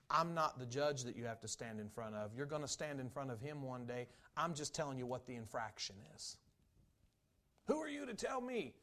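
A man preaching a sermon, conversational at first and rising to loud, emphatic declarations. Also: on the high side. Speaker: pastor.

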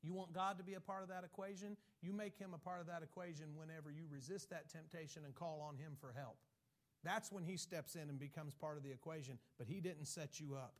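Man, pastor, sermon, emphatic preaching, fairly high-pitched. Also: steady tone, fairly quick. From has Irish ancestry. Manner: emphatic preaching, mimicking excuses in a higher voice.

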